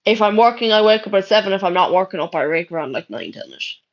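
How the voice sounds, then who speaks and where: A woman's voice: mid-range voice, lively intonation, fast talker. A young Irish woman streaming live, reading chat messages aloud in brash, sweary casual talk. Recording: dull lo-fi stream audio.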